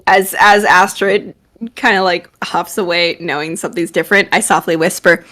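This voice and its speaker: A woman's voice: fairly low pitch, steady tone, normal speed, pushed and bright. A woman playing a tabletop game, narrating what her character does, laughing and stumbling over her words. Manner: laughing, stumbling, restarting sentences.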